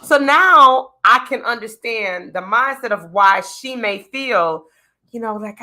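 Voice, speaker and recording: A woman hosting a podcast in casual chat, animated and joking, acting out the voices she quotes. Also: a little high, a little slow. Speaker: podcast host.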